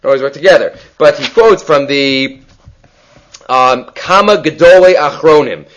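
A man teaching a Talmud class, quickly explaining texts and asking questions aloud. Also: a little high. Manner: quick, animated, mixes Hebrew and Aramaic terms into English explanation. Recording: lo-fi muffled recording.

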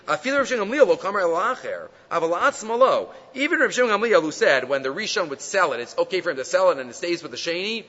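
A man teaching a Talmud class, reading the text slowly in a chant-like way, then explaining it in conversational English with fillers and rhetorical questions. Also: on the high side, fairly bright tone, in a large hall, muffled recording.

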